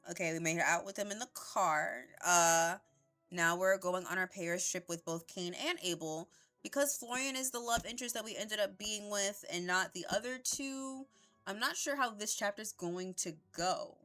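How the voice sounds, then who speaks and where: A woman's voice: medium pitch, moderate pace, sharp tone, faint music behind. A young woman at home giving casual, rambling gameplay commentary on a headset mic, swearing freely. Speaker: streamer.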